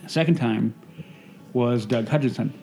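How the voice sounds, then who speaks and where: A man's voice: medium pitch, a little slow, dark tone, soft background music. A man, a guest on a podcast, sharing emotional memories from a film set, with lots of fillers and a habit of saying "I'm like". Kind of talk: casual conversation.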